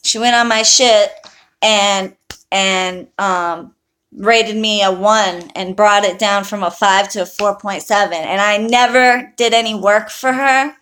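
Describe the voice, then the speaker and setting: A woman's voice: mid-range voice, measured pace, a bit bright, slight background noise. Woman witch ranting on her stream, swears a lot, blunt, talks straight to viewers. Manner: profane, heated and blunt; chats with viewers. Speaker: online witch and spell practitioner. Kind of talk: casual livestream rant.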